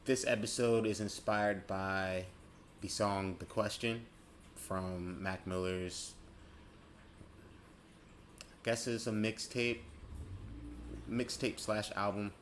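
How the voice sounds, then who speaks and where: A man's voice: on the low side, steady tone, slow pace, pauses often, slight background noise. A man in his late twenties hosting his own show, talking in a casual, reflective way that rambles and corrects itself as he thinks aloud. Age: late 20s. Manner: rambling, self-correcting, thoughtful. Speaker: podcast host.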